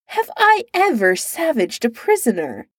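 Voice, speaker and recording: A woman voicing a proud young male crown prince who talks in a gruff, snappish way while drunk, read from a storybook. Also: lowish voice, lively intonation, moderate pace, darkish tone, no room sound, clean studio sound. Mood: sullen.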